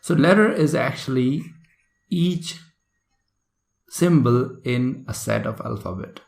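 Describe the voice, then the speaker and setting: An IELTS instructor gives a recorded online lesson, chatting his way through exam prep and often checking in with "right?" and "okay?". His voice is medium-pitched with lively intonation, slow, creaky and a little mellow. The room sounds echoey.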